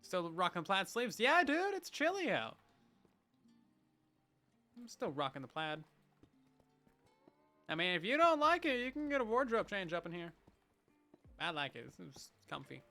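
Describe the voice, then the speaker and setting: A man's voice: high-pitched, moderate pace, vocal fry, pauses often, faint music behind. A young man livestreaming, chatting casually and playfully while reading viewer messages. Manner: playful, animated, chatty with frequent laughs.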